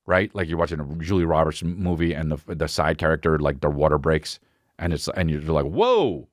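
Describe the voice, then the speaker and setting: A man hosting a podcast, telling a comic story in an animated, rambling, profane way. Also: very deep voice, fairly quick, no room sound, clean studio sound. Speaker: podcast host.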